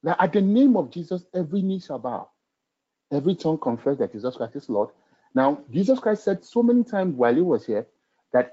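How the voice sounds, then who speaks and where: A man's voice: fairly high pitch, sing-song, brisk, muffled recording. A man preaching a sermon and reading scripture aloud, stressing his points by repeating phrases.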